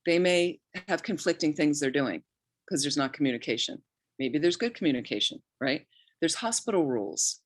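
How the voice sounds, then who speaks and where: Low-voiced woman giving a talk. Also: expressive, moderate pace, dry recording. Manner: conversational, anecdotal, many restarts and quoted asides. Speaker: Buddhist nun teaching. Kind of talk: informal dharma talk.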